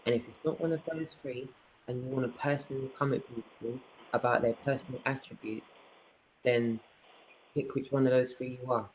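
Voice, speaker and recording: A woman's voice: a bass voice, steady tone, fairly quick, a little mellow, slight background noise, rough recording. A woman with a British accent speaking in a defiant, blunt, slangy way during a casual online conversation. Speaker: co-host.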